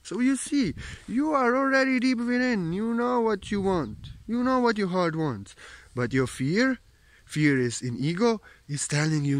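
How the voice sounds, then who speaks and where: A man on the high side of the male range preaches with passion, pressing the same phrases again and again. The sound is dry and close, with no room echo. He sometimes drops a blunt curse in the middle of his spiritual teaching. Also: lively intonation, measured pace. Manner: impassioned, repetitive and emphatic; blunt, with occasional swearing. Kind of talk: heartfelt spiritual talk to camera.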